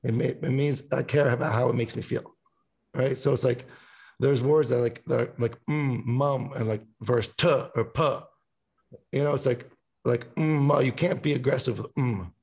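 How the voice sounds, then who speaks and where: Casting: gravelly-voiced male musician, rambly and profane, podcast guest. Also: mid-range voice, fairly even intonation, normal speed, darkish tone. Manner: rambling, swears a lot, sings snippets. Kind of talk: casual podcast chat.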